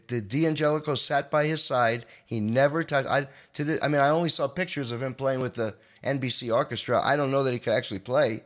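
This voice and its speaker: Man, 60s, podcast guest, emotional storytelling, animated, manic, repeats words. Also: medium pitch. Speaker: guest guitarist.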